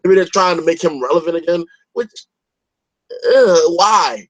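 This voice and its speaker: A high-pitched male podcast host in a loose, casual chat. He rambles through his opinions with plenty of swearing, restarting sentences as he goes. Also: a little slow, a bit bright, poor audio.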